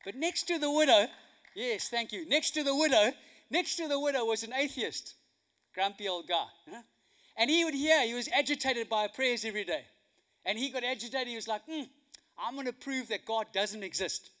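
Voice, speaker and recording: Male preacher, very high and forceful voice, animated storytelling sermon. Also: moderate pace. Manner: animated storytelling, swings from hushed to loud.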